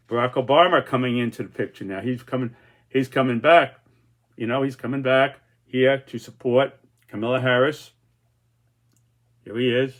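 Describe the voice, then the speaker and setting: Guy walking through his political cartoons, rambles a lot, keeps restarting, average pitch. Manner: rambling, many restarts and fillers. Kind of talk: casual commentary on political cartoons.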